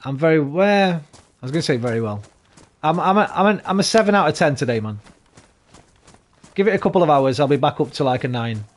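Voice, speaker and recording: A man's voice: a little high, expressive, brisk. A tired man chatting and rambling casually to his viewers while streaming a game. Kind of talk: casual live-stream chat while gaming.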